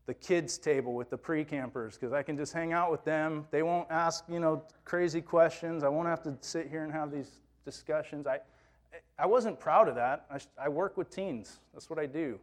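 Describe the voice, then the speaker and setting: A man's voice: a little high, normal speed. A man who works with teens, preaching a sermon as a personal story in a conversational, self-quoting way. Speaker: youth minister preaching.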